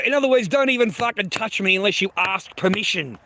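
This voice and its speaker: Profane, high-voiced man ranting to his stream. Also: expressive, fairly quick, hardly any pauses, bright, forceful tone, dry recording. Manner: profane, blunt, repeats himself, addresses viewers as mate and bro. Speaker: livestream host. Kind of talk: casual livestream rant to chat.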